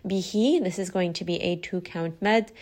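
A woman's voice: on the low side, fairly even intonation, a little mellow. Patient woman teaching Quran recitation. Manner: patient, methodical, slows down to model recited words. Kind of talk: tajweed lesson, explaining and modelling recitation.

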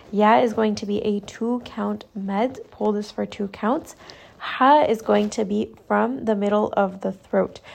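Calm woman with gravelly vocal fry. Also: medium pitch. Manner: calm, deliberate, models sounds slowly. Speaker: Quran recitation teacher. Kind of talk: step-by-step recitation lesson.

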